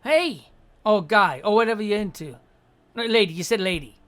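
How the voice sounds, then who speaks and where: A woman hosting an advice show, giving blunt, profane advice and acting out quick mock scenes along the way. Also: medium pitch. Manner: acts out little scenes in quick mock voices. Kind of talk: casual advice rant.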